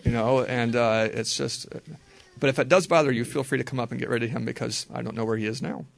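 A man teaching a group how to read the Bible, talking in a relaxed, conversational way and slowly repeating verses. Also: mid-range voice, creaky. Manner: relaxed, conversational, slow careful repetition.

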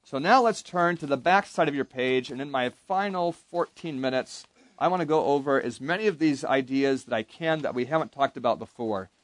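A camp Bible teacher leads young campers through an interactive lesson, questioning the group and guiding them in call-and-response. His voice is mid-range, his pace moderate, and the recording dry.

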